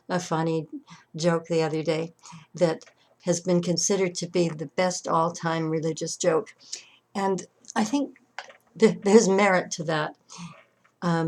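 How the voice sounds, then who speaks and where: A middle-aged woman minister preaching an online sermon in a conversational way, often restarting and repeating words. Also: lowish voice. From Canada. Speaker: senior minister.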